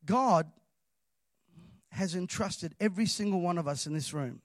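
A man preaching a sermon in a church, impassioned and rising to loud emphatic calls. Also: high voice, measured pace, no room sound, clean studio sound.

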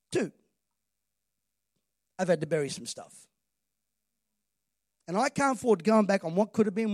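A man's voice: high-pitched, a bit bright, no echo, clean studio sound. A man preaching a sermon, emphatic and calling on the congregation to respond. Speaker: pastor.

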